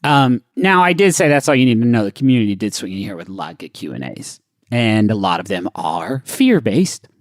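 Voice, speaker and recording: A man co-hosting a comedy podcast, reading out questions and riffing on them in casual banter with animated, swooping delivery. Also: on the low side, a little fast, no echo, clean studio sound.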